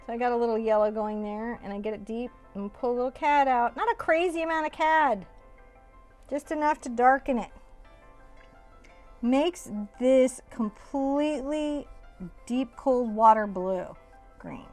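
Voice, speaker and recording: A woman's voice: fairly high pitch, measured pace, a little mellow, faint music behind. A woman giving a live painting tutorial, chatty and jokey, often laughing as she works. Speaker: painting instructor.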